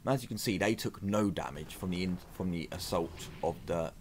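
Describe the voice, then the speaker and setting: Deep-voiced man chatting over a strategy game. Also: normal speed, darkish tone, slight background noise. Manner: chatty and self-mocking. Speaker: gaming YouTuber. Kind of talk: let's-play strategy game commentary.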